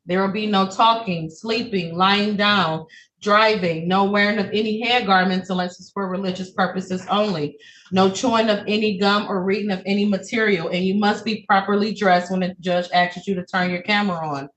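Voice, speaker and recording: A court clerk reads the opening announcement and court rules in a brisk, recited way. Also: medium pitch, steady tone, fairly bright tone. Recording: echoey room with faint noise.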